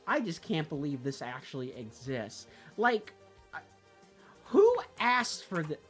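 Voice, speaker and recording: A woman giving casual, sarcastic commentary over a screen recording, laughing often and sounding incredulous. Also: on the high side. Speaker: tech video creator.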